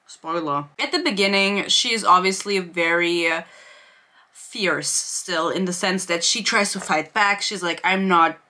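A woman's voice: fairly low pitch, measured pace, pushed and bright. A young woman at her bedroom desk, giving a sarcastic book review with swearing and laughing asides. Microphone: desk camera.

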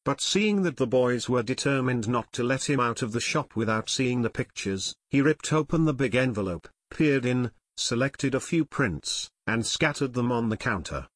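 A man's voice: mid-range voice, lively intonation, normal speed, few pauses, no room sound. Man narrating an audiobook, dry sound.

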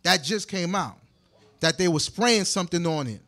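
A man preaching a sermon, animated and joking, breaking into laughs and repeating words as he goes. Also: sits high, moderate pace. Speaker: congregation leader. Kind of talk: sermon with scripture commentary.

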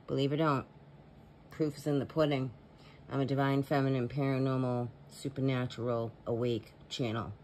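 A man's voice: mid-range voice, little pitch movement, normal speed, a little mellow, slight background noise. A man in a casual vlog voice-over, talking in an earnest, rambling way as a paranormal vlogger.

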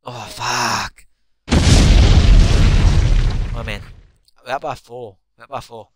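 A young man giving live commentary on his own basketball video game, excitable and swearing constantly as he yells at teammates. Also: medium pitch, slow pace, heavy background noise. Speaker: gamer.

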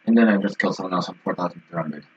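A man's voice: low voice, racing, a little hiss or hum. A man giving casual, playful commentary while playing a shooter game, singing and chanting between kills. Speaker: gaming streamer. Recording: dull lo-fi mic with faint keyboard typing.

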